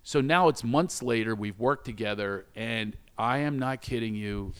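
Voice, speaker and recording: A middle-aged man with an ordinary mid-range voice tells a personal story openly. He is animated and acts out each quoted exchange with sudden high exclamations, then turns quiet and reflective about shame and recovery. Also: normal speed, few pauses, clean tone. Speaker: guest telling a personal story. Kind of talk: candid conversational storytelling.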